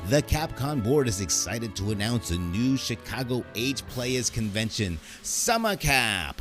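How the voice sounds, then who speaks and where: A man voicing an old-time male newsreel announcer, reading in a slow, drawn-out, announcing manner. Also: medium pitch, pitched above the performer's own voice, natural voice.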